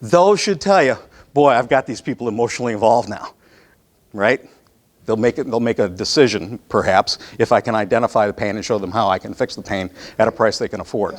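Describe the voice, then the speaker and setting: A man's voice: fairly low pitch, lively intonation, brisk. Midwest man leading a sales training. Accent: American Midwest. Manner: conversational, checks in with questions. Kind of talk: live training session.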